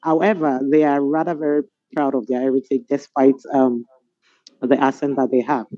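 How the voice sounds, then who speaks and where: A middle-aged Nigerian woman on a webinar panel, telling stories in an animated, amused way over a video call. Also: rumbling low, moderate pace, no room sound, soft background music. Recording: dull lo-fi video call audio.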